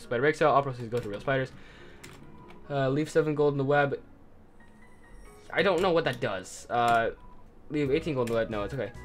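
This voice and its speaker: A man doing casual let's-play commentary, rambling and joking at his own expense. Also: medium pitch. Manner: rambling, self-deprecating, lots of fillers. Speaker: gameplay commentator. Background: game music.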